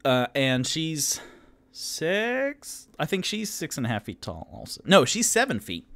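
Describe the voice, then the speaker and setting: A man narrating a solo tabletop roleplaying game as game master, with a low voice and a lively, swinging pitch. He talks slowly and casually, rambling and often correcting himself.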